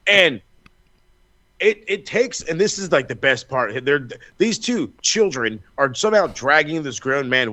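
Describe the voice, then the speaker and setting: A man co-hosting a wrestling podcast in casual chat, telling stories in an animated, profane way with lots of restarts. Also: on the high side, no echo. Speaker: podcast co-host.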